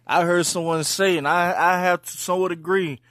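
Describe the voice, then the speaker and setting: A man calls in to a comedy podcast with a voice message, easygoing and thinking out loud. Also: high voice, fairly even intonation, fairly quick, no echo. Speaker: caller.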